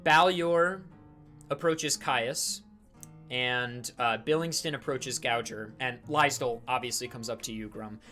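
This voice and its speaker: A man's voice: mid-range voice, unhurried, pushed and bright, soft background music. A man narrating a tabletop game as dungeon master, rambling with many fillers and self-corrections.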